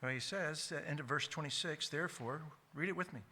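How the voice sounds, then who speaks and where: A man preaching a sermon as pastor, emphatic, slowing down to stress key words, with frequent restarts. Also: fairly high pitch, sharp tone. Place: church sanctuary.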